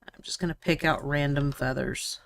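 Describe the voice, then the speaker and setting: A woman's voice: low voice, fairly even intonation, moderate pace, creaky. A young woman hosting a live miniature-painting stream, chatting casually and teasing her co-host while she paints. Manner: chatty, teasing, laughs often.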